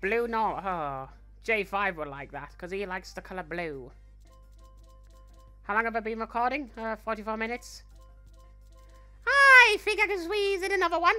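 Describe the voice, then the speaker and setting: A man plays a cocky, greedy young male villain who chats boastfully over a game. The voice is bright and forceful, with a lively pitch that leaps up and down. It is in-character gameplay commentary from a fan production. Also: moderate pace, pauses often, soft background music, exaggerated voice. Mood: playful. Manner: boastful and chatty. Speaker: fan voice actor playing a character.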